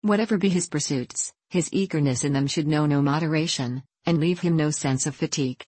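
A woman's voice: low voice, brisk, a little mellow, breathy edge, dry recording. A woman voicing an impulsive, romantic young woman in a novel reading, eager and emphatic.

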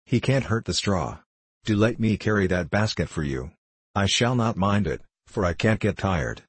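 Husky, low-voiced gentle scarecrow of straw, read by a male narrator; dry, close sound. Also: expressive, normal speed, no echo. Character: friendly gentle brainless straw scarecrow man. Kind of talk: audiobook character voice.

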